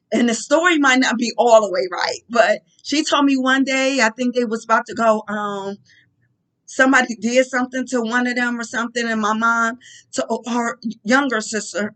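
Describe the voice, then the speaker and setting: Soft-spoken woman with a fairly high voice. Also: low-quality recording. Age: adult. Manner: halting, soft-spoken, with frequent pauses and restarts; emotional and heartfelt. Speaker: vlogger. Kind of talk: personal reflective monologue.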